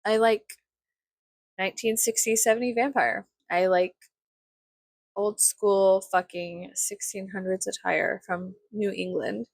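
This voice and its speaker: A woman's voice: mid-range voice, steady tone, a little slow, vocal fry, no echo. A young woman from South Texas chatting casually to camera, rambling with lots of "like" and swearing freely. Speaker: vlogger.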